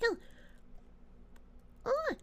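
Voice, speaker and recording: A woman's voice: extremely slow, a bit bright. A woman from the United States who streams, chatting casually and sarcastically with her viewers and laughing often. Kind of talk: casual chat reacting to viewer comments.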